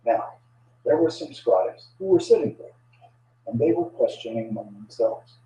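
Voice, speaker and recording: A man presenting a lecture on biblical storytelling, speaking haltingly with frequent fillers. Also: on the low side, very animated, gravelly, warm tone. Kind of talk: lecture to a live audience. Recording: dull, distant, echoey room sound.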